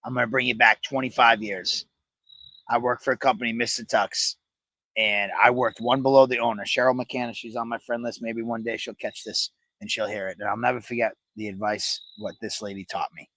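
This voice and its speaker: A man in his forties telling a story on a casual panel show, animated and swearing freely. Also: mid-range voice, brisk, no echo. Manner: animated, swears freely, acts out quoted voices.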